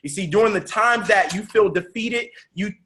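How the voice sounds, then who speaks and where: A man giving a motivational talk on a business webinar, preaching, repeating phrases and rising to shouts. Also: sits high, normal speed. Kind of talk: motivational speech with storytelling.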